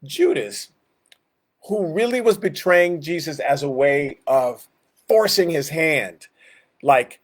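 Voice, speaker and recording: Animated male pastor teaching Bible study. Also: a little high, moderate pace. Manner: animated, acts out quoted voices. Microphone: streamed to online viewers.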